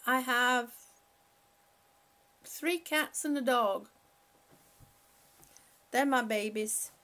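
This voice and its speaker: Slightly high in pitch, this woman draws out her words and has a sharp tone. She's hosting a relaxed live chat from home, rambling, laughing frequently, and speaking to her pets.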